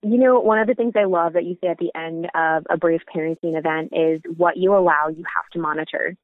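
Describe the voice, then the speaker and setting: A woman's voice: lowish voice, steady tone, a little fast, dry recording. A middle-aged woman chatting casually as a parenting podcast co-host, telling stories and laughing now and then. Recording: phone-like remote audio.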